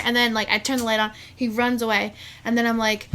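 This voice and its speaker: A woman's voice: fairly high pitch, fast. A young woman co-hosting a podcast, telling a story in casual chat with lots of "like". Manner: animated, says "like" constantly. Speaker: podcast co-host.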